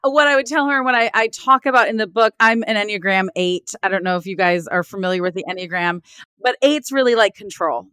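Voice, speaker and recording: Earnest woman with a smooth voice. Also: mid-range voice, fairly quick, pushed and bright, no room sound. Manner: earnest and heartfelt, leans on "like" and "right?". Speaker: guest author. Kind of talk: candid podcast interview.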